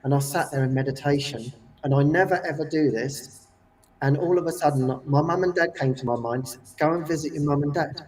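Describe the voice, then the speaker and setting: A man telling a personal story in casual chat, animated and laughing often as he acts out quotes. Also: on the high side, a little fast. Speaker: guest. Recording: distant from the mic.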